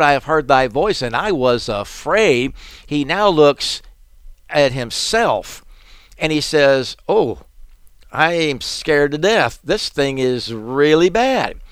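A man's voice: a little high, animated, slow, fairly bright tone, clean tone, no echo. Earnest male radio preacher, dry sound. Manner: earnest, plain-spoken, acts out the prophet's words. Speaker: pastor. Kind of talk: radio Bible teaching.

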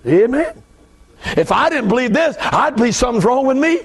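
A man with a Southern US accent preaching a fervent revival sermon as a guest preacher, dropping to low asides and rising to shouted bursts. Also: big pitch swings, normal speed, husky.

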